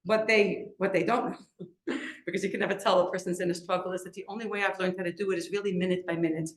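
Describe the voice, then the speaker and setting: A middle-aged woman, an author and lecturer, giving an inspirational storytelling talk, acting out quoted voices with big leaps in pitch. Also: steady tone, fast talker, echoey room. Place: lecture event in a room.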